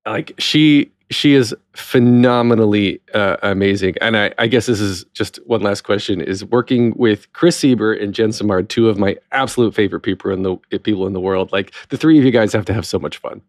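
A man's voice: lowish voice, a little fast, few pauses, dry recording, clean studio sound. A man hosting a theater podcast, talking in a chatty and enthusiastic way. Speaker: podcast host. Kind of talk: casual interview chat.

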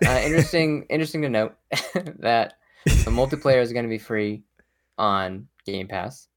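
A man co-hosting a casual gaming podcast, telling stories in an animated way. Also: mid-range voice, normal speed. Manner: animated storytelling. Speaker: podcast co-host. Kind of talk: casual chat.

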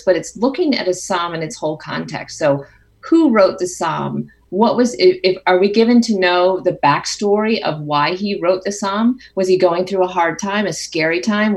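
A middle-aged woman speaks as a guest in a conversation, thoughtful and earnest, often circling back to restart a phrase. Her voice sits somewhat low for a woman. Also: a little mellow. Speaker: author and guest. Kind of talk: phone interview conversation.

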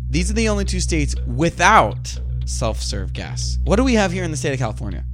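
Playful man hosting trivia segment, lively swings in pitch. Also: fairly quick, soft background music. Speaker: co-host running a trivia segment. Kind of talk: casual podcast banter.

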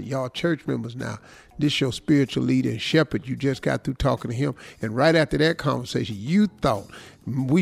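A man's voice: mid-range voice, vocal fry. A man hosting a radio show, reading out a listener's letter and teasing it with comic commentary. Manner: playful, teasing, breaks into laughter.

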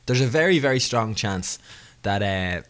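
A man's voice: on the low side, expressive, normal speed, a bit bright, clean tone. A man co-hosting a podcast, chatting casually in a rambling, jokey way and correcting himself as he goes. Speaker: podcast co-host. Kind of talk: casual chat.

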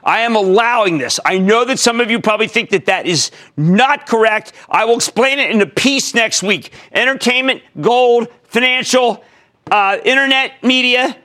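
A man in his sixties hosting a TV stock market show, talking in an emphatic, excitable way and sometimes shouting out names. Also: extremely high pitch, normal speed. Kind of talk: energetic TV finance commentary.

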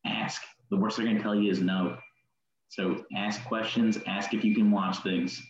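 A man's voice: on the low side, flat delivery, normal speed. A young man in his twenties, a nursing student on a podcast, giving practical advice in a matter-of-fact way. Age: 20s. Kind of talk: casual podcast chat. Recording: dull, roomy, faint hiss.

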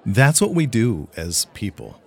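A man's voice: lowish voice, huge pitch swings, a little slow, gravelly, breathy edge. A man hosting a podcast, looking back in thoughtful, plainspoken narration. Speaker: podcast host. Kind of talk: reflective narration.

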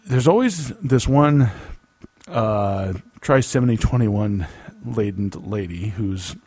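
A man's voice: fairly low pitch, darkish tone, no echo. A man co-hosting a casual comedy podcast, telling stories animatedly and laughing often. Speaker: podcast co-host.

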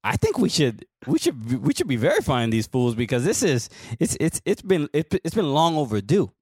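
Man, podcast co-host, casual chat, lively swinging pitch, laughs a lot, dry close sound. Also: husky, dry recording. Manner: laughs often, halting restarts.

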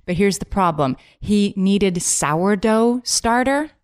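A woman co-hosting a podcast, talking quickly and upbeat with lots of filler words. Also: medium pitch, animated, clean tone. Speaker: podcast co-host. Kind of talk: casual podcast chat.

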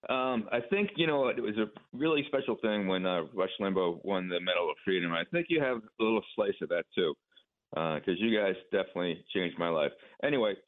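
A man's voice: low voice, lively intonation, fairly quick. A man calling in to a radio show, polite and hesitant, with many fillers. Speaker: caller. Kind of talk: phone-in call. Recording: tinny phone line.

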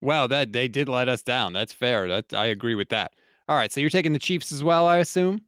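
A man co-hosting a sports podcast, calmly countering his partner with dry, sarcastic remarks. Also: medium pitch, brisk, clear, resonant tone, dry recording. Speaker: podcast co-host. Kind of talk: casual sports debate.

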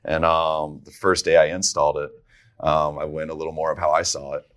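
Guesting on a podcast, a head coach casually tells stories in a bass voice that's level, fairly quick and slightly bright. He frequently restarts sentences and laughs as he goes.

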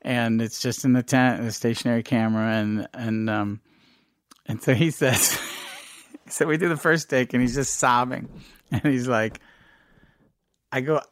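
A middle-aged man telling stories in a casual interview, animated, laughing often and acting out what people said. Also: medium pitch, measured pace, pauses often, no echo, clean studio sound. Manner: animated storyteller, laughs often, acts out quotes. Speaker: filmmaker guest.

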